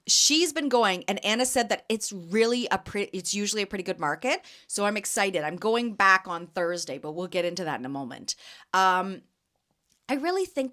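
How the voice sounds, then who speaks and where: A young woman hosting a casual market podcast, chatting and telling stories with lots of fillers and animated asides. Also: medium pitch. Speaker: podcast host and jam vendor. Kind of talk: casual chat.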